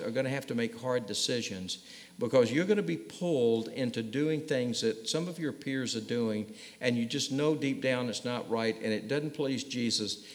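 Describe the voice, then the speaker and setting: A man preaching a sermon to his congregation in a church, emphatic and speaking to them directly. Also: mid-range voice. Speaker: pastor. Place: church sanctuary. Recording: long reverb of a large hall.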